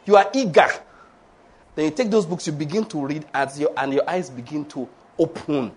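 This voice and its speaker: Animated high-voiced preacher. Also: male voice, moderate pace, slight background noise. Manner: animated and humorous, laughing often, acting out quoted voices. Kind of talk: sermon.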